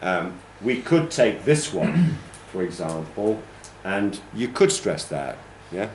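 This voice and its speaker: A man's voice: lowish voice, sing-song, slow pace, roomy sound, a little hiss or hum. A man teaching a training class, explaining pronunciation and demonstrating stress patterns aloud. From United Kingdom. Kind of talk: classroom lecture.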